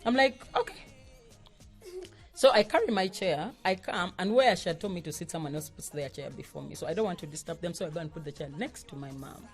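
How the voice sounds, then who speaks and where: A young woman, telling a personal story on a podcast in a lively way, laughing and acting out the people she quotes. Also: fairly low pitch, fast talker, few pauses, soft background music. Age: young adult. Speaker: podcast co-host. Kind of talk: casual storytelling chat.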